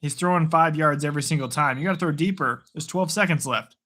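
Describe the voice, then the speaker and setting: A man hosting live play-by-play and reaction, chatty and casual between quick bursts of calling the action. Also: fairly high pitch, pushed and bright. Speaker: host.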